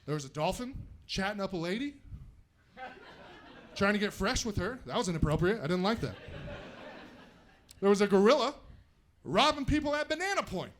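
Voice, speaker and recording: A man voicing an excited young buddy telling wild stories from the zoo in slangy talk. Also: sits high, normal speed, long pauses. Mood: hyped. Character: hyped young male buddy back from the zoo.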